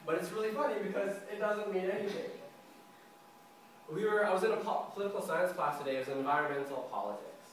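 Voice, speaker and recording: A young man giving a prepared club speech to a live audience, animated, acting out dialogues and laughing at his own jokes. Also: high-pitched, quick pace, slight background noise. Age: young adult. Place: meeting room with a live audience. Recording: echoey room, mic from far off.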